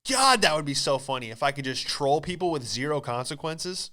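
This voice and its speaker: Bright, animated comedian telling a story. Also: male voice, on the high side, fairly quick. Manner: animated, profane, exclamatory. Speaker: comedian and podcast host.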